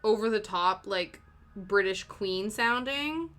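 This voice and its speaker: A woman's voice: mid-range voice, expressive, slow pace, fairly bright tone, soft background music. A young woman, chatting casually with viewers while she stitches and sometimes counting stitches under her breath. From Canada. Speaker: cross-stitch streamer.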